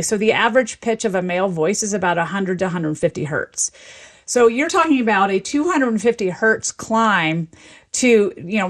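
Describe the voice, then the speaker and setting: A woman linguist, a guest expert, explaining eagerly in an interview and laughing often. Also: medium pitch. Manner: enthusiastic, lecturing, laughs often.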